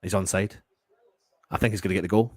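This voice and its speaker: A man from England doing live fan reaction commentary on a match, exasperated and swearing, swinging between low muttering and loud outbursts. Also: steady tone, fast, breathy edge, dry recording.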